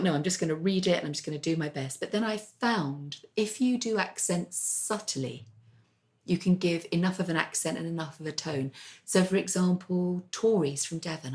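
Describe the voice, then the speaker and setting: Low-voiced, fast-talking woman. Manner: chatty, self-deprecating, rambling asides. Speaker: podcast co-host, novelist. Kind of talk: casual chat.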